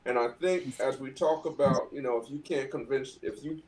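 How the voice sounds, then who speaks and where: A man's voice: mid-range voice, normal speed. Earnest man heard from a distance. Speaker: panelist. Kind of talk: casual panel discussion.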